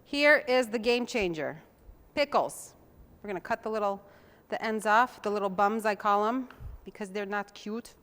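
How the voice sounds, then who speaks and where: A woman's voice: medium pitch, normal speed, fairly bright tone. A woman hosting a casual cooking demonstration, chatting to viewers in a homey way while she chops and mixes, sometimes drifting away from the mic. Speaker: cooking show host.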